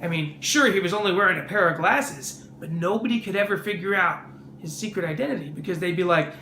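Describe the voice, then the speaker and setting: A man's voice: sits high, brisk, pushed and bright, echoey room, a little hiss or hum. A man hosting a casual movie review vlog, sarcastic and mocking.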